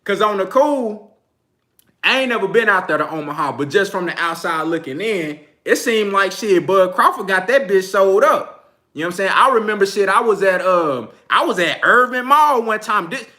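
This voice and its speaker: Male streamer, Texan accent, casual boxing chat, high voice, quick to laugh. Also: expressive, pushed and bright. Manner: loose, slangy, laughs often. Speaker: boxing channel host. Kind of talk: casual livestream commentary.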